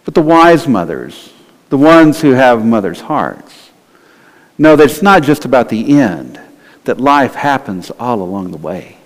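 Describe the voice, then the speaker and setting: A man's voice: medium pitch, big pitch swings, a little slow. A male pastor giving a conversational sermon in a church, sometimes acting out quoted voices. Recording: long hall reverb.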